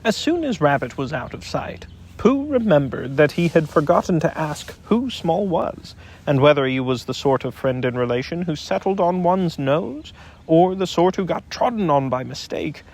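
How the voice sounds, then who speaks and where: A man reading a children's book aloud in gentle, unhurried storybook narration. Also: a little high, animated. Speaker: audiobook narrator.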